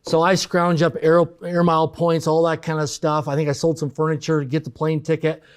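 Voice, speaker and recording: A podcast guest with a fairly high, clear, resonant voice talks fairly quickly as he recounts a personal business story in casual conversation. He's an animated storyteller, acting out the voices of the people involved.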